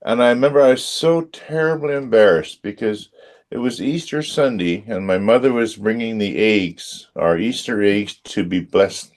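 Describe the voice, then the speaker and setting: Man from the UK, lowish voice, self-deprecating storyteller. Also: moderate pace, a little mellow. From United Kingdom. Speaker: church study group member.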